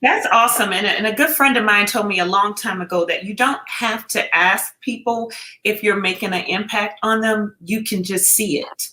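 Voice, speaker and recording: A woman hosting a virtual book launch, asking measured questions and affirming the guests on a video call. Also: medium pitch, bright, forceful tone, roomy sound. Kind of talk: casual panel conversation. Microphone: video call microphone.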